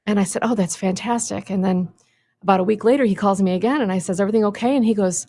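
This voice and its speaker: A woman's voice: medium pitch, steady tone, fairly quick, gravelly, dark tone. A woman who is a clinic guest on a radio talk show, telling a patient's story in a friendly, anecdotal way. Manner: friendly, anecdotal, with small restarts. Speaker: stem cell clinic guest. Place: radio studio. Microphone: studio microphone.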